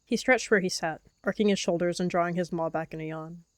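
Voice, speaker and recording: Calm, low-voiced woman narrating a story. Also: a little fast, no room sound, studio quality. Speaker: role-play narrator. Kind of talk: storybook narration of a game role-play.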